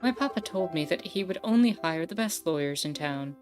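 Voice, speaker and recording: Young noble cat lady, soft and polished, as a woman reads her, low-voiced and quiet. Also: lively intonation, fairly quick, soft background music, natural voice. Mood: polite.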